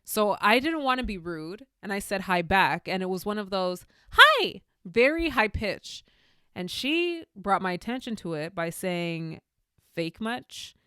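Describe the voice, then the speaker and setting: A woman's voice: mid-range voice, lively intonation, unhurried, fairly bright tone, clean tone, no room sound, clean studio sound. A young adult woman hosting a solo podcast, speaking candidly and telling stories with spiritual musings. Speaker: podcast host. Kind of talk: reflective solo podcast monologue.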